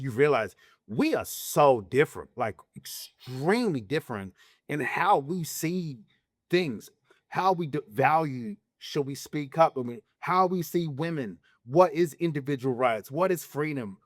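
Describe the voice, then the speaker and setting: A man's voice: fairly high pitch, animated, moderate pace, dry recording, studio quality. A man talking straight to camera in a casual opinion monologue, emphatic, asking rhetorical questions and restarting his sentences. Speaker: vlogger.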